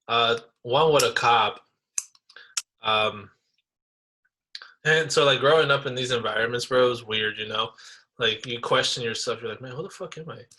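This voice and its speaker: A man co-hosting a podcast, telling stories in a casual, animated way, full of slang like bro and dude. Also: mid-range voice, a little slow, long pauses. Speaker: podcast co-host. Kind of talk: casual chat.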